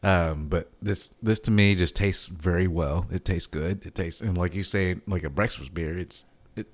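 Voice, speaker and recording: Deep-voiced man in casual beer chat. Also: normal speed. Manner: plain-spoken, modest about his palate. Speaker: podcast co-host.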